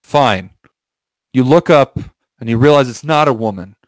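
A young man who co-hosts a podcast tells an improvised comic story to friends, rambling, playful and laughing often in a casual comedic chat. His mid-range voice is animated and at a normal speed, with no echo.

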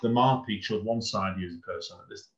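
Fast-talking enthusiastic man host. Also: fairly low pitch, dull audio. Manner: enthusiastic, rambling, repeats words. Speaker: podcast host. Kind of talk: casual interview chat.

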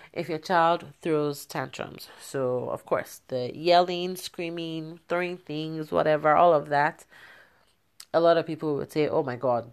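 A young woman from Nigeria, a mother, chatting casually to her viewers, laughing often and using many fillers. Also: low-pitched. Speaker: vlogger. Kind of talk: casual talk to camera.

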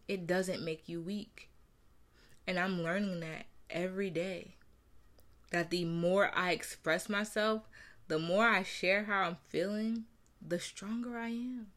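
A woman in her thirties from New Jersey speaks in a personal, reflective talk. Her voice is bright and forceful but sits fairly low, and she leans on repeated phrases to drive her point home, earnest and candid throughout. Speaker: mother sharing her story.

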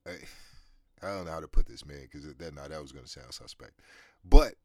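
A man's voice: extremely low pitch, a little fast, no echo. A man in his thirties hosting a podcast, talking in a rambling, profane, laid-back way with many restarts and fillers, a smoker with a cough. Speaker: podcast host. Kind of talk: casual monologue.

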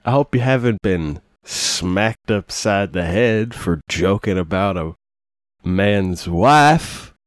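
A man's voice: low voice, animated, slow pace, no room sound, clean studio sound. A man putting on a drawling Southern cowboy greeter. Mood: jovial. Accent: put-on Southern US.

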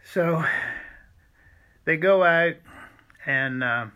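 A man recounts a personal church story. His voice is bright and forceful, and his delivery is halting, with many restarts and frequent throat-clearing. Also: fairly high pitch, muffled recording. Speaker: former seminary student telling a church story.

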